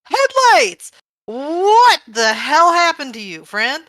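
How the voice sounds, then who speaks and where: A woman's voice: on the high side, sing-song, moderate pace, no room sound. A woman doing a brash, exclaiming adventurer. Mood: startled. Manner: loud, exclaiming. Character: brash, startled young woman in the rafters.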